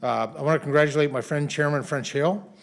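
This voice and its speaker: Halting man at a press podium. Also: fairly high pitch, vocal fry. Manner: halting, many fillers and restarts. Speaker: congressman. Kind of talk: press conference statement. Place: press conference room.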